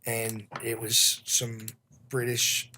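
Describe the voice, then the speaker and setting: A man's voice: medium pitch, monotone, slow, background noise. A man in casual chat, telling stories in an earnest way. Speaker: co-host.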